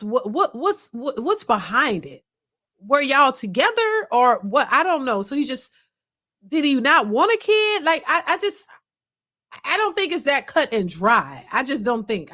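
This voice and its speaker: A woman hosting a reaction channel offers casual commentary on a clip in a lively pitch. She's blunt and opinionated, and she tends to repeat herself.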